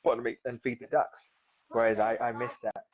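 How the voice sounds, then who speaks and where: Fast-talking guy from south london, rambly, lots of "like", kinda dull sound. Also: mid-range voice, level tone, husky. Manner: rambling, many fillers and restarts. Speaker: guest, seaweed farmer. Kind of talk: casual interview chat.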